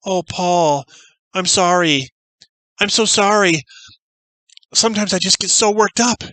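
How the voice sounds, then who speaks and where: A woman's voice: mid-range voice, measured pace, fairly bright tone, no room sound, natural voice. An actress playing an unhinged middle-aged woman caretaker who scolds shrilly and flips from rage to sugary apology, in a film clip. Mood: apologetic.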